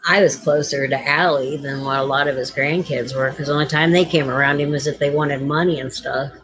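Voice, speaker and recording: A woman's voice: deep voice, fairly quick, crowd noise, low-quality recording. A woman hosting a casual chat, telling family stories and acting out the voices of the people in them. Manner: animated, acts out quoted voices. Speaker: host.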